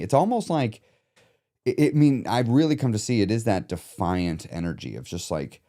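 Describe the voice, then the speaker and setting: A man's voice: on the low side, expressive, normal speed, mellow. A man who coaches clients through emotional eating, talking candidly and reflectively in a casual podcast chat, now and then swearing.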